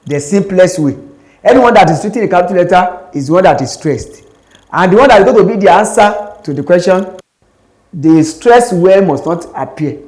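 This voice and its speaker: Nigerian man teaching, higher voice. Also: darkish tone. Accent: Nigerian English. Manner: explains step by step, repeats key points. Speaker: exam tutor. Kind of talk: classroom lesson.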